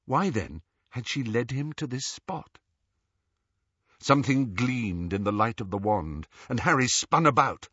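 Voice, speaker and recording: A man reading a novel aloud as a narrator, telling it expressively and dropping to a hush in quiet passages. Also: medium pitch, a little slow, slightly rough, no room sound, lo-fi sound. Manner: expressive storytelling with hushed passages. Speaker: audiobook narrator. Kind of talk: scripted narration.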